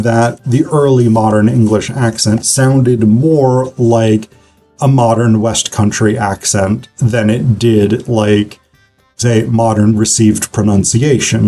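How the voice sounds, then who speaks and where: A man's voice: medium pitch, vocal fry, mellow, husky. A man giving a casual online literature lecture, talking conversationally with frequent fillers and restarts.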